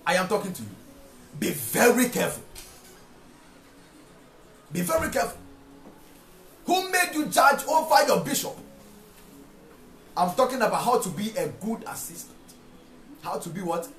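A man preaching a sermon, repeating phrases and rising to shouted rhetorical questions. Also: sits high, very animated, normal speed, long pauses, a little hiss or hum. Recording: echoey room with faint music.

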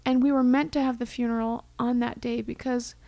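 A woman's voice: on the high side, little pitch movement, a little fast, creaky, mellow, no room sound. A young woman co-hosting a casual chat, speaking heartfelt and reflective, sometimes dropping to a whisper. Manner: heartfelt, reflective, drops to a whisper for quoted thoughts.

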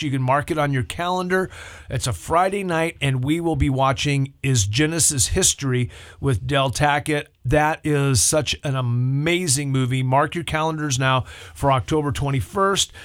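A man, a pastor, hosting a church call-in radio show in a talkative, upbeat way and leading prayer. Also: a little high. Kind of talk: casual radio chat.

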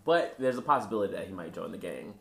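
Low male co-host, very lively pitch, casual banter, echoey room. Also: quick pace, gravelly. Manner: animated, jokey, trailing off. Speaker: podcast co-host. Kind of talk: casual chat. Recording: roomy echo.

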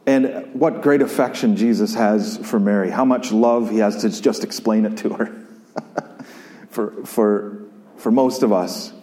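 A man delivers a sermon at an unhurried pace, his voice mellow and low in brightness. He reads scripture and reflects on it in a conversational way, circling back and repeating phrases. His words ring out with a long reverb, as in a church hall. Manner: reflective, conversational, with pauses and repetitions.

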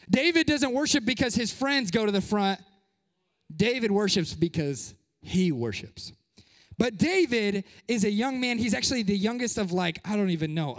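A young man preaching a sermon as pastor, lively and joking, slipping into playful voices and short of breath. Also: high voice, long reverb tail. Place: church sanctuary.

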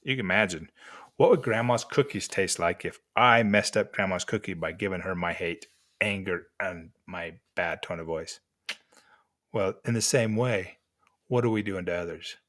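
Gentle older man, low voice. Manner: gentle, unhurried, encouraging with pauses. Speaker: mentor giving life lessons. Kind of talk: motivational talk to mentees.

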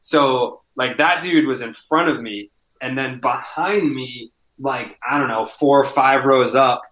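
A man chatting casually as a podcast guest, telling animated stories, swearing freely and saying "like" constantly. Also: mid-range voice, unhurried. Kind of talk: casual chat, storytelling.

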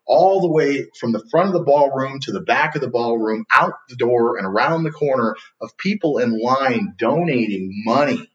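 A man, a podcast guest, telling a story with lively acted-out quotes. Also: mid-range voice, normal speed, hardly any pauses, highs cut off. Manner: animated storyteller acting out quotes.

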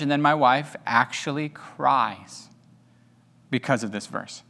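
A man preaching a sermon as pastor to an audience, animated and conversational, with humorous asides. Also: mid-range voice, moderate pace, creaky. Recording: long hall reverb.

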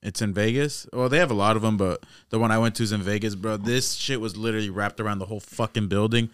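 Young male host, lowish clear voice, dry close sound, profane slangy banter. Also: steady tone, quick pace, a bit bright, no echo. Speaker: podcast host. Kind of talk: casual chat.

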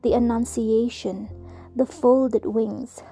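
A woman whispering a story aloud in a soft, slow, hushed reading. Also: fairly high pitch, fairly even intonation, husky, soft background music.

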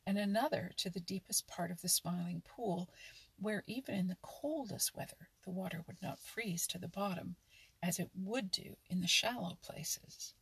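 A woman reading a children's animal story aloud in a calm, steady way. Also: fairly low pitch, normal speed, vocal fry, slightly rough, no echo. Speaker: narrator.

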